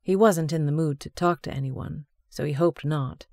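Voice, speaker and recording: Female audiobook narrator, warm tone, steady even read, dry close sound. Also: sits low, moderate pace, no echo. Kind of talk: scripted narration.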